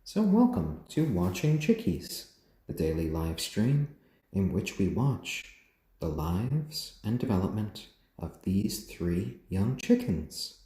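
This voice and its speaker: A man hosting a casual home live stream, gently cooing to his pet chickens and chatting with viewers. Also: deep voice, sing-song, slow, echoey room. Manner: chatty, answers viewers' comments.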